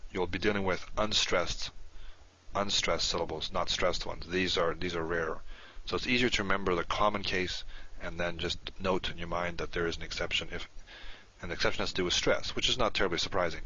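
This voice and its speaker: A man's voice: low voice, bright, forceful tone. A man teaching a grammar lesson, explaining rules patiently and thinking aloud as he writes on a board. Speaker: Hebrew teacher. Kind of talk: recorded lecture. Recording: dull lo-fi recording.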